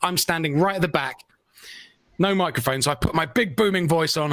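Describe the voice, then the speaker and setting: A man's voice: on the high side, brisk, a bit bright, no room sound. A man on a podcast, a self-mocking storyteller who acts out what people said in a casual chat. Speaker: podcast co-host.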